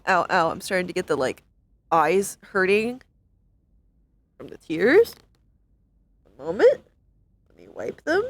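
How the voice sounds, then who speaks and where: A woman's voice: on the low side, vocal fry. A young woman streaming casual commentary as she watches a role-play, laughing often and mocking herself.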